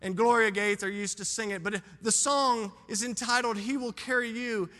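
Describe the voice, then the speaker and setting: A hoarse man preaching a sermon as pastor, with emphatic swings between loud and soft. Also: high voice, steady tone, normal speed, big-room sound.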